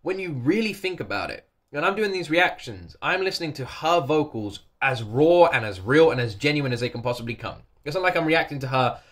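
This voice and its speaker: A man's voice: a little high, lively intonation, fairly quick, few pauses, a bit bright. British guy choked up and gushing, voice swinging all over the place, laughing through tears. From England. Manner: gushing, repeats himself, laughs between words. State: tearful, voice thick with crying. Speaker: reaction video host. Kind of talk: casual reaction commentary. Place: cold attic at home.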